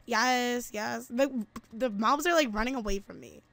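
A woman's voice: a little high, measured pace, few pauses, a bit bright, no room sound, studio quality. A woman chatting casually while playing a game, giggly and chatty, calling her friend "girl" and chanting playful taunts. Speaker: gameplay video host. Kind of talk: casual gaming chat.

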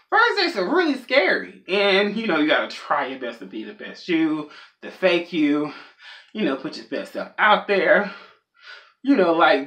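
Lively bright-voiced young man. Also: on the high side, normal speed. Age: young adult. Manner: animated, rambling, self-mocking. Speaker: comedian vlogger. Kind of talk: comedic storytelling monologue.

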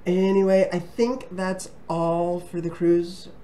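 A man's voice: high voice, little pitch movement, slow pace, mellow. A man casually talking to camera as a travel vlogger, friendly and rambling, with frequent ums and restarts. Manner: friendly and chatty.

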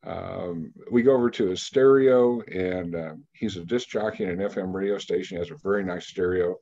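A man in his sixties from Kansas, a radio interview guest telling a story at a measured pace with frequent pauses and fillers. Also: deep voice, creaky, mellow, dull audio. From Kansas, United States. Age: 60s.

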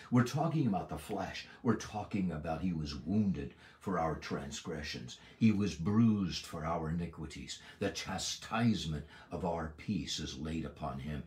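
A man giving a Bible lesson, stressing key words emphatically and drawing out scripture phrases slowly. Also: low-pitched, a little mellow. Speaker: Bible teacher.

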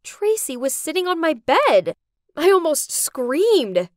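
High, lively young woman narrating. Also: slow pace, no echo, clean studio sound. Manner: dramatic, expressive. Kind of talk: animated story narration.

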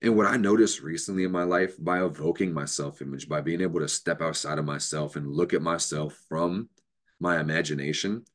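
This deep-voiced astrology show host gives an unscripted pep talk, forceful and full of profanity, with sudden fits of laughter.

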